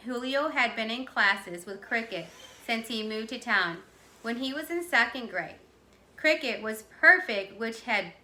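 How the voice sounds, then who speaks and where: Bright-voiced woman reading a storybook aloud. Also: fairly high pitch, echoey room. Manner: clear, expressive storytelling. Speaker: teacher reading to her class. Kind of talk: reading a children's chapter book aloud.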